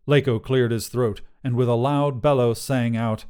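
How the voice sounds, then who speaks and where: A man narrating a short fiction podcast in a measured, scripted way. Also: medium pitch, steady tone, darkish tone, slight background noise.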